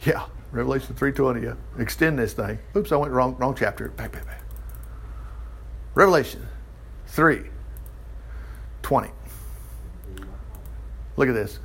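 A man's voice: mid-range voice, a little slow, creaky, pauses often, a little hiss or hum. A man teaching the Bible in a casual, chatty way, acting out the quotes and closing in prayer. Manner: chatty, animated, acts out quotes. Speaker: pastor.

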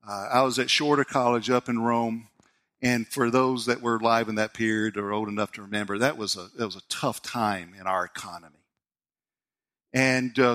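A man, preaching a sermon as a pastor and telling a personal story with animated delivery. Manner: storytelling, animated, voice rising high when excited.

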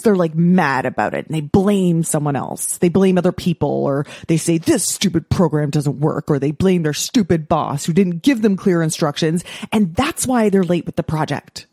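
Middle-aged woman coach doing her podcast, blunt, swears a lot, pitch all over the place, dry close mic. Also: dark tone, no echo. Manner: blunt, swears freely, acts out quoted excuses in mocking voices. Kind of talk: casual solo podcast talk.

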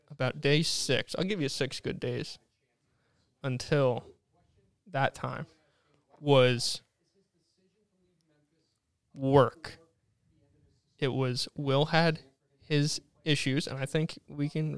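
Cursing young man with a smooth voice. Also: medium pitch, drawn-out words, pauses often, dry recording. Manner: profane, animated, acts out quotes. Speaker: guest telling his side. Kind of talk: casual storytelling.

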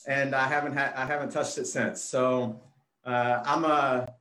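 A man's voice: medium pitch, steady tone, a little slow, bright, forceful tone, reverberant. A man in his forties, a kids pastor, chatting easily as a guest in an interview, with frequent fillers. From Phoenix, Arizona. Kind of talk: casual interview.

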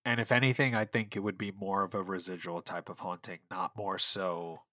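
Bright-toned man, easygoing podcast co-host. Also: low voice, flat delivery, a little fast, dry recording, studio quality. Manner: easygoing, swears casually. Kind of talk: casual chat.

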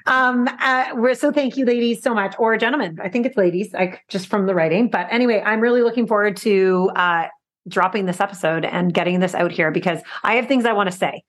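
A woman's voice: mid-range voice, fairly even intonation, a little fast. A woman co-hosting a podcast, talking in a chatty, upbeat way with many fillers. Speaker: podcast co-host. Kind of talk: casual chat, reading listener reviews.

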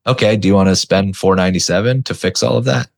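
A young adult man hosting a coaching podcast in a blunt, animated monologue, mimicking frustrated clients now and then and swearing freely. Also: low-pitched, fast talker, creaky. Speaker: podcast host, business coach. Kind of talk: casual monologue.

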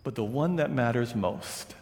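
A man, a pastor, preaching a sermon with slow, emphatic repetition. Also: mid-range voice, a little mellow. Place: church sanctuary. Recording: church hall reverb.

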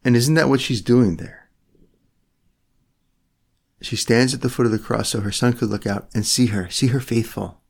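A man giving a meditative sermon, speaking slowly in short phrases and turning to address God directly in prayer. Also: mid-range voice, fairly even intonation, creaky, a little mellow, breathy edge. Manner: slow, phrase-by-phrase delivery with pauses.

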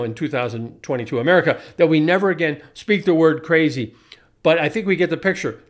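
A man in his forties giving a sardonic storytelling monologue, wry and deliberate, often restarting his sentences and adding asides. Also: on the high side. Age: 40s. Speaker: commentator.

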